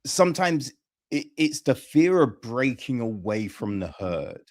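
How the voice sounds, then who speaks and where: A man's voice: mid-range voice, big pitch swings, unhurried. A man hosting a podcast interview, talking in a rambling casual way and often asking "right?" for agreement. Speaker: podcast host.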